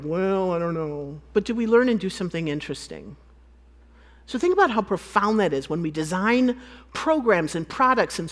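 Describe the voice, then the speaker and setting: A woman from the United States giving a storytelling conference talk, acting out bits of dialogue and laughing often. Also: medium pitch. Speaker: conference speaker.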